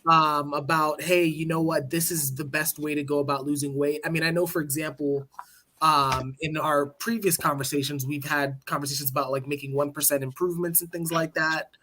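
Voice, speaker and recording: A man's voice: fairly high pitch, level tone, sharp tone, slight background noise. Hesitant man hosting a podcast. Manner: hesitant, halting questions with many fillers. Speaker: podcast host. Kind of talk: casual interview questions.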